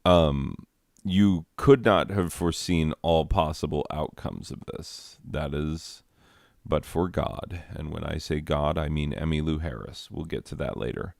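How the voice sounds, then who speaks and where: Male comedy host, deadpan and self-mocking, slow and low-voiced, close dry mic. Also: vocal fry, no room sound. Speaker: comedy advice host reading letters. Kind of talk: rambling comedic monologue. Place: at home with a cat nearby.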